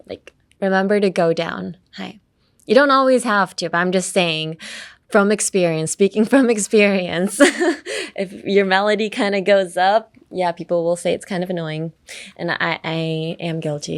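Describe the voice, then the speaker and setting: A young woman with a Californian accent, hosting a casual bilingual English lesson, chatty and switching between Japanese and English. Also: medium pitch. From Los Angeles, California. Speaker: English teacher and podcast host.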